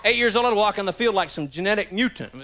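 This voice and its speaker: A man's voice: high-pitched, animated, quick pace, fairly bright tone, slight background noise. A man doing stand-up comedy as emcee in a club, telling folksy stories about his father.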